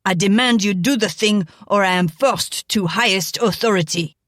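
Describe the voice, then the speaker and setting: A woman's voice: medium pitch, moderate pace, dry recording, clean studio sound, natural voice. A woman voicing an irate, demanding Frenchman who rants at a lawman. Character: irate smaller Frenchman, ranting land claimant.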